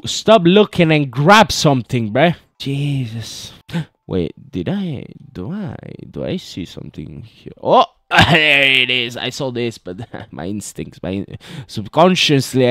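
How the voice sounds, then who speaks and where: A young man gives loose, joking commentary over a horror game, peppering his lines with "bro". His voice swings widely up and down in pitch. It sits dry and close on the mic, with faint music playing behind him. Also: no room sound. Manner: joking, chatty, keeps saying "bro". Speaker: gaming video host.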